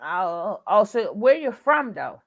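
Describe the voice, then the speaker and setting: A woman from Brooklyn, New York, hosts a casual livestream chat in her Brooklyn accent, warm and chatty and calling people baby and darling. Her medium-pitched voice swings widely in pitch and moves slowly, with lo-fi sound.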